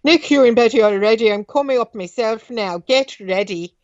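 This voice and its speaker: A woman doing a brisk aunt calling upstairs. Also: a little high, a little mellow, dry recording, pitched above the performer's own voice, close to an everyday voice. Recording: dull dry lo-fi audio.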